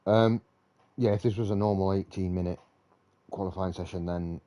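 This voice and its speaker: A man with a low, mellow voice gives live racing league commentary. He talks in a relaxed, chatty way and thinks aloud between updates. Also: normal speed.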